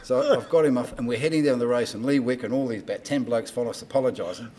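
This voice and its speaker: Older Australian man telling animated stories. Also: mid-range voice, fast, a little hiss or hum. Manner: animated anecdote-teller, acts out dialogue in raised voice. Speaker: guest, entertainment promoter. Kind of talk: casual storytelling on a podcast.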